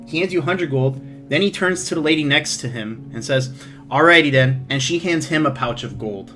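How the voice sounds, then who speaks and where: Guy running a tabletop game, kinda halting and rambly, quiet guitar music behind. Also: fairly high pitch. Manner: rambling, halting, many fillers and restarts. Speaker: game master.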